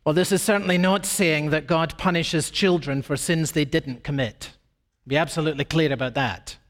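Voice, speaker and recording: High-voiced man preaching emphatically. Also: fairly even intonation, normal speed. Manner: emphatic, dramatic shifts in pace and pitch. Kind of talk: sermon. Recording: long reverb of a large hall.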